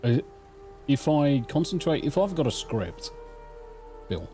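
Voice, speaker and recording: A man's voice: a little high, big pitch swings, unhurried, warm tone, faint music behind. A middle-aged Englishman with an English accent, chatting casually and rambling with swearing while he live-streams a game on a studio mic. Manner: rambling, sweary, self-deprecating banter. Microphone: studio mic through a mixing console.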